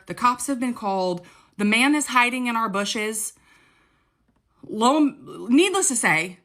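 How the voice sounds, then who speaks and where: A young woman tells a wild personal story straight to her audience in a casual, chatty way. Her voice is bright and clear, pitched in a middle range for a woman. She keeps checking in with her listener as she goes.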